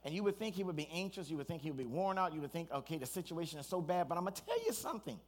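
A man, a pastor, preaching a sermon in an animated storytelling way, with asides and restarts. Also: sits high, very fast.

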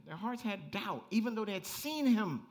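A man preaching a sermon as pastor, animated and conversational, rising to near-shouts and breaking into laughing asides. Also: high-pitched, normal speed.

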